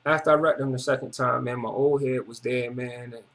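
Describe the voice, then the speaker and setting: A man's voice: medium pitch, steady tone, a little fast, creaky, a bit bright. A man giving a rambling, emotional personal testimony in repetitive, slangy street talk. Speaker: testimony speaker.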